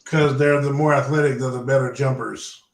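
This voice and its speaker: A man's voice: medium pitch, steady tone, moderate pace. A man in his forties co-hosting a casual sports show. He tells loose stories with joking asides. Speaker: podcast co-host. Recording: echoey room.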